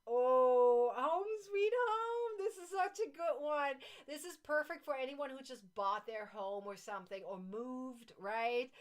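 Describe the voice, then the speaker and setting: A woman's voice: sits high, moderate pace, hardly any pauses. A woman hosting a crochet livestream whose first language is not English. She chats casually, gushes over each pattern, laughs often and reads viewer comments aloud. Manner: gushing, excitable, laughs often.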